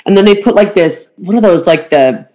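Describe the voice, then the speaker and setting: A woman's voice: on the low side, expressive, normal speed, warm tone. A middle-aged woman, a travel agent and podcast host, chatting casually and acting out the quotes in her travel stories. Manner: chatty storyteller, acts out quotes. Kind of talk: casual chat.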